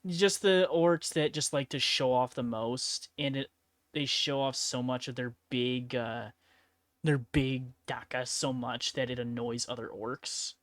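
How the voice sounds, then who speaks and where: A woman's voice: a bass voice, fairly even intonation, unhurried, dry recording. A woman streaming in casual chat while painting miniatures, laid-back, laughing often and swearing freely. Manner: laid-back, giggly and profane.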